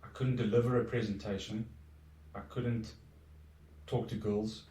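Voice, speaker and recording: A man's voice: lowish voice, flat delivery, a little slow, warm tone. A middle-aged man, a podcast guest talking in a reflective, earnest way with frequent restarts. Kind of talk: casual conversation. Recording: echoey room, distant from mic.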